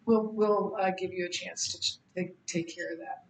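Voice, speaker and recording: A middle-aged woman teaching a Bible study lecture, halting often with ums and restarts. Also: lowish voice, steady tone, creaky, roomy sound, rough recording. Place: church classroom.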